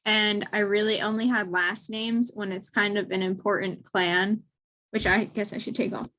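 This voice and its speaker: A woman's voice: medium pitch, steady tone, normal speed, bright, forceful tone, poor audio. A middle-aged woman guesting on a podcast over a video call, casually giving instructions in a bossy, coaching way and laughing often. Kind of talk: casual chat.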